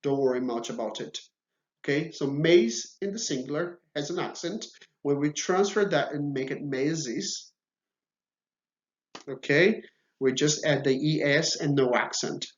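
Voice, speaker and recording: Brief: male teacher, slow deliberate delivery, roomy dull-sounding recording. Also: a little high. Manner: patient, reassuring, says okay often. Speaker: Portuguese teacher. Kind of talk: slow, deliberate video lesson.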